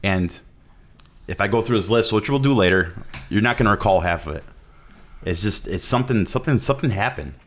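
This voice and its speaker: A man's voice: on the low side, animated, brisk. A man talking as a podcast guest, explaining at length in a loose, rambling way full of fillers. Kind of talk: casual podcast chat.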